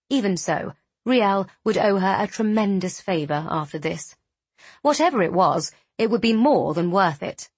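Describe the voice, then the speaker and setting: A woman narrates a story in a husky, breathy voice. Her reading is even and steady. The recording is dry and close, with no room sound. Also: medium pitch, no echo. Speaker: audiobook narrator. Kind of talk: scripted narration.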